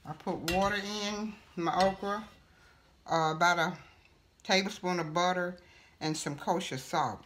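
A woman's voice: on the low side, a little slow, background noise. Chatty woman cooking at home. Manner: relaxed, chatty, with frequent fillers and self-corrections. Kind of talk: casual cooking tutorial. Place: home kitchen.

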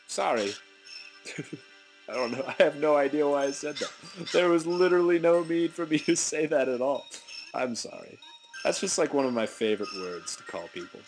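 A man's voice: medium pitch, moderate pace. A young man commentating his gameplay in a goofy, rambling, self-mocking way. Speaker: let's play host. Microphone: desk mic at a computer. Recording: game music underneath. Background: game music.

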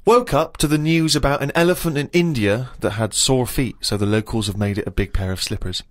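A man's voice: mid-range voice, brisk. A man hosting a radio chat show, reading out diary entries in a dry, mock-serious way and laughing often. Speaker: radio host.

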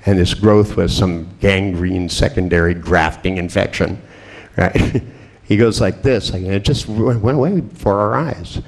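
A man with a low voice and a gravelly, fry-laden edge tells stories at a seminar. He speaks as a hypnotist, with a wry, boastful humor and frequent chuckles. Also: normal speed. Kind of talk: anecdotal storytelling lecture.

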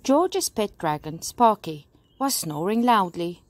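A woman's voice: mid-range voice, big pitch swings, no room sound. A woman teacher reading a story aloud to young children, outdoors. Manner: slow, warm storytelling to children. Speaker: primary school teacher. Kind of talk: bedtime story read-aloud.

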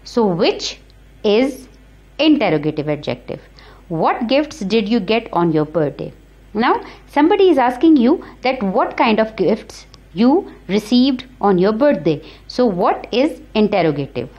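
A woman teacher giving a grammar lecture, explaining each example slowly and repeating it. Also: on the high side, big pitch swings, darkish tone. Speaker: English teacher. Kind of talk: recorded classroom grammar lecture. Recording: slightly dull lo-fi recording.

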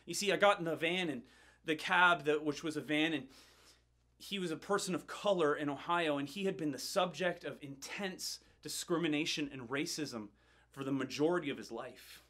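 A middle-aged man preaching, his voice sitting a little higher than most men's. He tells a personal story in an animated way, building tension and often doubling his words as he goes. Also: normal speed. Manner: animated, building tension, frequent word repeats. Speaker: pastor. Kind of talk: sermon storytelling.

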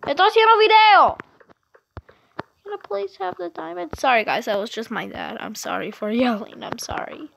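A woman casually narrating her own video game play, chatty and excitable, rambling with lots of fillers, recorded at home. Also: fairly high pitch, brisk, creaky, few pauses, slight background noise. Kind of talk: casual gameplay commentary.

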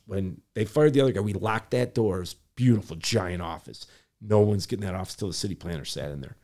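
A man's voice: on the low side, mellow. An older man, a former city planner, telling a long story in an interview and acting out the people he quotes.

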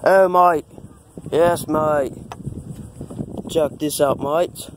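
A man's voice: a little high, steady tone, drawn-out words. A man putting on a cheerful Australian bloke voice, tagging everything with "mate", outdoors. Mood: hammy. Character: jokey adult male Australian bloke, cheerful. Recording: noisy outdoor recording with wind.

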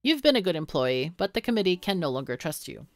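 A cold, formal official from a dystopian video game, as a woman reads the lines aloud. The delivery is stern and deliberate, with lively pitch movement. The sound is dry and close. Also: no room sound.

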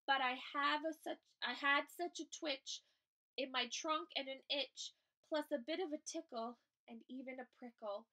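A woman's voice: high-pitched, unhurried, bright, forceful tone, distant mic. A woman voicing an anxious, apologetic male elephant in a children's story, pleading and fretful.

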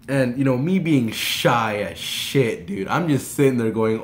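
A young man casually telling a rambling story, full of fillers, his voice jumping high when he gets excited. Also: moderate pace. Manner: rambling, filler-heavy retelling that surges into high excited shouts. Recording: roomy echo, faint background noise.

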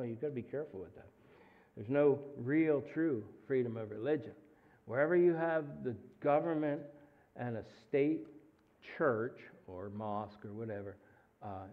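A man preaching a guest sermon in a church, animated and full of jokes and asides as he tells stories. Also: a little high. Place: church sanctuary. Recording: phone-like narrow sound.

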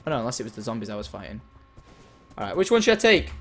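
A young man playing a game on camera for viewers, excitable, swearing freely and breaking into shouts. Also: medium pitch, rapid-fire, long pauses, soft background music. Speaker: gaming video host.

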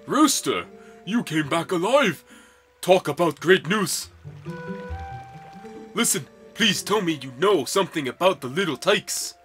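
A blunt, folksy village man as a male player puts him on, worried and brisk. The voice sits a little high, with soft game music underneath. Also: very animated.

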